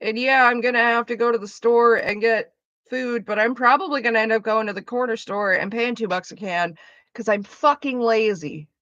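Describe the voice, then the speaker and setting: A woman with a somewhat high voice chats casually on a live stream, drifting between asides with plenty of swearing. She is heard through a dull, slightly muffled mic in a dead, dry room. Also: normal speed, fairly bright tone, dry recording. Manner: rambling, sweary, chatty asides.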